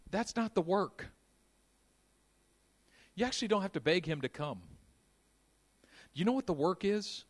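High-voiced preacher, hushed to fervent. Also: male voice, expressive, normal speed, pauses often. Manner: dynamic, swings from hushed to shouting. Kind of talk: sermon.

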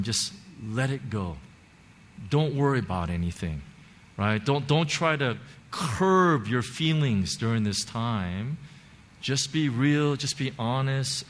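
A man's voice: medium pitch, fairly bright tone. A man preaching a sermon as pastor, earnest and repetitive, with many fillers and restarts. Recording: long hall reverb, faint background noise.

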